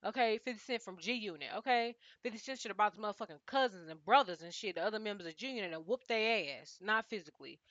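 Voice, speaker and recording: Bright-voiced woman ranting bluntly. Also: medium pitch, expressive, fast talker, few pauses, no room sound, muffled recording. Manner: blunt, profane, exasperated. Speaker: reality TV recap host. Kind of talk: casual TV recap rant.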